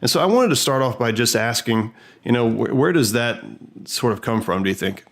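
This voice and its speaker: A man's voice: mid-range voice, lively intonation, brisk, fairly bright tone. A man from Tennessee hosting a podcast, talking in an earnest, conversational way. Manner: earnest, conversational, with small restarts. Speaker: podcast host. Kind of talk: casual interview.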